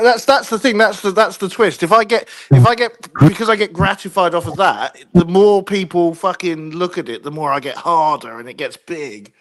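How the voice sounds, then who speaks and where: Caller guy with a slightly high voice, joking around, laughing a lot. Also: normal speed, few pauses. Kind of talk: crude banter on a live call-in stream.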